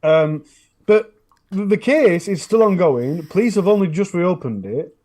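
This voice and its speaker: A man's voice: high-pitched, expressive, unhurried, mellow. A man with a Northern English accent, chatting casually on a podcast about his true crime channel, telling stories in a rambling way with many restarts. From northern England. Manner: rambling storytelling with frequent restarts.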